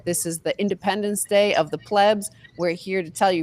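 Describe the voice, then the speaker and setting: Excited, swearing woman on a group call. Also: mid-range voice, a little fast, few pauses. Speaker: podcast co-host. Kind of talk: casual group chat.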